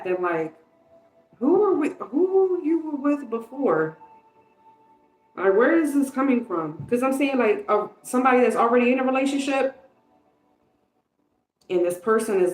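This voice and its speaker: A woman's voice: mid-range voice, echoey room, rough recording. A woman giving a casual tarot card reading, chatty and candid, swearing and laughing often. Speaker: tarot reader.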